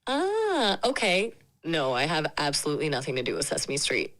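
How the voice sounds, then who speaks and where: A woman's voice acting as an AI chat companion, upbeat and polite, quick to agree in casual chat. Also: deep voice, huge pitch swings, a bit bright.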